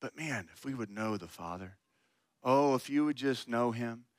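A man's voice: medium pitch, expressive, moderate pace, no echo. A man preaching a conversational sermon, playfully acting out little scenes and voices. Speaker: pastor.

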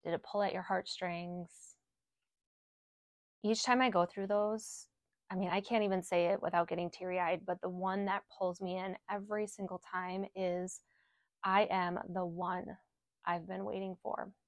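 A woman working as a spiritual guide, leading affirmations and reflection in a gentle, slow way and repeating each phrase. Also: lowish voice, level tone, dry recording.

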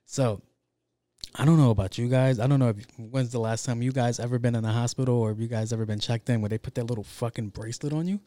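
A young man hosting a podcast, telling a story in a casual, profane, animated way with lots of slang. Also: mid-range voice, quick pace, dry recording. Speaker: podcast host.

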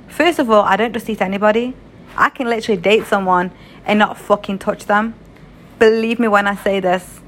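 A woman's voice: medium pitch, fairly even intonation, fairly quick, slight background noise. A young British woman telling a story in a casual vlog, frank and chatty, swearing freely. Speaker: vlogger.

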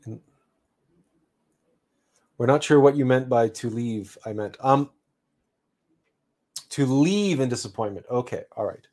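A man hosting a livestream, telling a personal story in an unhurried, reflective way with frequent restarts. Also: medium pitch, darkish tone. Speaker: livestream host.

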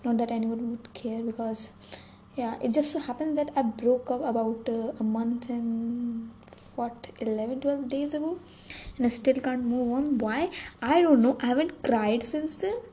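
A woman's voice: fairly high pitch, unhurried, warm tone, low-quality recording. A young adult woman hosting a solo podcast, rambling and self-deprecating with many restarts. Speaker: podcast host. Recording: faint background noise.

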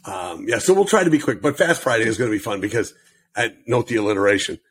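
A man co-hosting a casual podcast, playful and quick to laugh. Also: fairly low pitch, very animated, fairly bright tone, slight background noise. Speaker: podcast co-host. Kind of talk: casual chat. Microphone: studio microphone.

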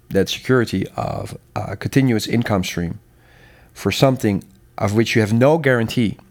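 A middle-aged man from the Netherlands, a sound consultant and educator speaking calmly and thoughtfully in a casual interview. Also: on the low side.

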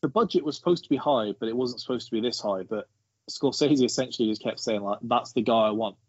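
Male podcaster, easygoing and talkative, slightly husky voice. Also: mid-range voice, expressive, quick pace, no room sound, muffled recording. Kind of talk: casual film discussion.

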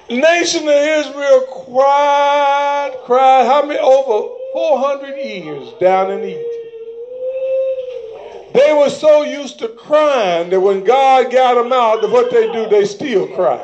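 A man preaching a sermon to his church, calling for amens and breaking into shouted bursts. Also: extremely high pitch, takes it slowly, dull audio.

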